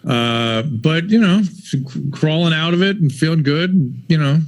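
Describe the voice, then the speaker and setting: A man's voice: on the high side, expressive. Friendly man on a video call. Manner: friendly, self-deprecating, halting. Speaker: guest. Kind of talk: casual chat on a video call.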